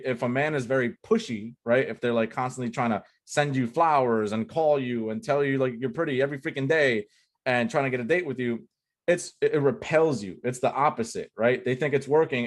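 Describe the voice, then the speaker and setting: A man gives a casual whiteboard lesson on online selling. His delivery is loose and chatty, with a mid-pitched voice and constant "like" and "right?" tags. He drives points home by repeating key phrases. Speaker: online marketing coach.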